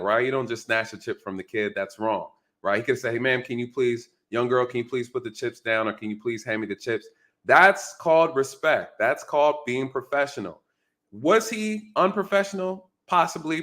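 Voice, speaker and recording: Reacting to a news clip for his viewers, a man with a medium-pitched, slightly bright voice talks casually but emphatically. He often poses rhetorical questions and checks in with "right?".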